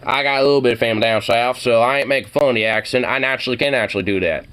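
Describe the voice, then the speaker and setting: A man's voice: medium pitch, racing, a bit bright. A man from Oregon giving casual reaction commentary, rambling, swearing freely and laughing often. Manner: rambling, profane, laughs a lot. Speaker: reaction video host.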